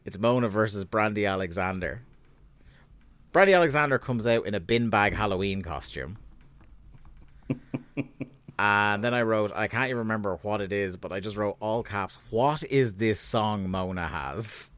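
A man co-hosting a casual podcast recap, sweary and sardonic, getting animated when he rants. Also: on the low side, moderate pace, clear, resonant tone. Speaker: podcast co-host.

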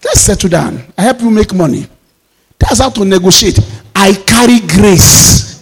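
A Nigerian man preaching a sermon as pastor, with fervent declarations that rise into shouts. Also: sits high, animated, a little slow, slightly rough, in a large hall.

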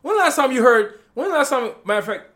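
A man's voice: extremely high pitch, animated, fast, a bit bright. A man co-hosting a hip hop podcast, chatting casually and jokingly about new songs with lots of fillers. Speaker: podcast co-host. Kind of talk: casual music review chat.

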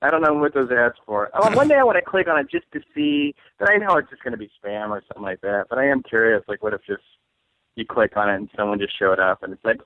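A man's voice: mid-range voice, animated, fast talker. A man from St. Louis, a comedian guest, chatting casually in a rambling, self-mocking way and laughing often. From St. Louis, USA. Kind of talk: casual chat. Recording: dry, phone-like line.

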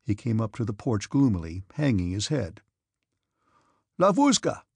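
A man reading a classic novel aloud at a steady, measured pace. His voice has a gravelly fry and a husky grain, recorded close and dry. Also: lowish voice, no echo. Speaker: audiobook narrator. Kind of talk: scripted narration.

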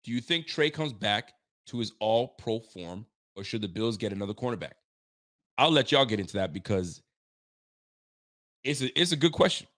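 A young man hosting a sports fan livestream, ranting with animated energy, swearing freely and repeating catchphrases. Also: fairly low pitch, moderate pace, long pauses. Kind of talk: casual fired-up sports commentary.

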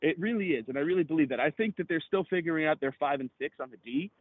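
Man, slightly high voice, excitable, profane, rambling, casual sports chat, tinny phone-like sound. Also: quick pace, no room sound. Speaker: podcast co-host.

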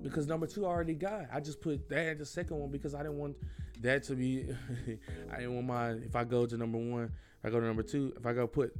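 Young man, podcast host, casual solo talk, earnest, rambling, slangy, mid-pitched voice, faint background music. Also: darkish tone.

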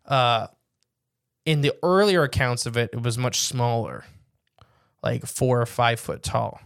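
A man co-hosting a casual podcast, rambling and joking, slowing down to stress details. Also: mid-range voice, gravelly, smooth, no echo, clean studio sound. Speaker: podcast co-host.

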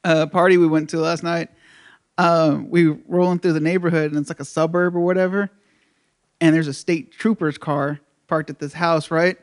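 A man with a somewhat high voice co-hosts a relaxed podcast. He tells stories in a loose, profane way and laughs a lot between lines. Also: normal speed. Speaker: podcast co-host. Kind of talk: casual chat.

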